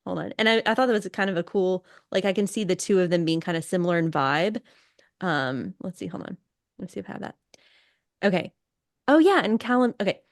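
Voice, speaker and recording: A woman's voice: fairly low pitch, lively intonation, a little fast, gravelly, no room sound, clean studio sound. A young woman co-hosting a podcast in casual chat. She rambles with restarts and laughs as she talks. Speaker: podcast co-host.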